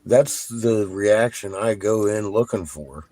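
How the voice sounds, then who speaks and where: A man hosting his own channel, talking casually to viewers, animated and profane, laughing often. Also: lowish voice, takes it slowly, dry recording. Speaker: channel host.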